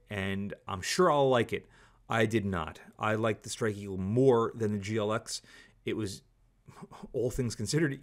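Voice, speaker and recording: A man giving a candid, opinionated product review, talking casually and repeating stock phrases. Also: mid-range voice. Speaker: scope reviewer.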